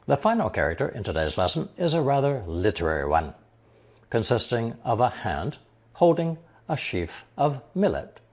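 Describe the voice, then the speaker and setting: Male teacher narrating a language lesson, husky voice with a lively, swooping pitch. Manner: reads example sentences slowly, then translates each into English. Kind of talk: recorded Chinese lesson narration.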